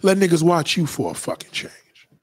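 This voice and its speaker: A man streaming a casual, profane monologue, preachy and animated as he lectures his viewers. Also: a little high, normal speed, slightly rough, dry recording, studio quality. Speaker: live streamer.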